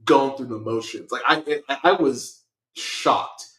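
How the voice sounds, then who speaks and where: A man hosting a podcast, reviewing a movie in casual chat with animated, profane rants. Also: mid-range voice, unhurried, roomy sound, rough recording. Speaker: podcast host.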